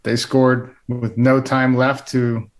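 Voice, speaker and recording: A man co-hosting a sports podcast, talking in a relaxed, joking way. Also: medium pitch, slow. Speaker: podcast co-host. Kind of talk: casual sports chat.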